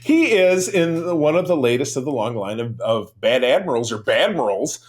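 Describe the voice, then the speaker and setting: A man's voice: medium pitch, normal speed, a crowd in the background. A man co-hosting a casual podcast chat, jokey and acting out quotes as he talks. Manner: animated, jokey, acts out quotes. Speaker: podcast co-host.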